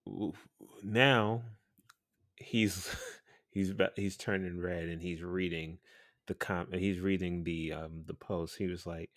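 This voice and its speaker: A man's voice: low voice, fairly even intonation, slow, fairly bright tone, no echo, studio quality. A man hosting a podcast, telling a story in a blunt, profane, chatty way and laughing now and then. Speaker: podcast host and radio personality.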